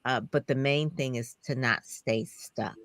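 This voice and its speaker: Animated woman host, dry sound. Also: unhurried, no echo. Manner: animated, jumps high in pitch when telling a story. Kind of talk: casual interview chat.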